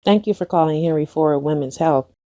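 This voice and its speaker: Low-voiced woman receptionist, polite. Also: a little fast, dark tone, no room sound, studio quality. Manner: polite, formal phone manner. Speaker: clinic phone receptionist. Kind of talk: scripted phone greeting.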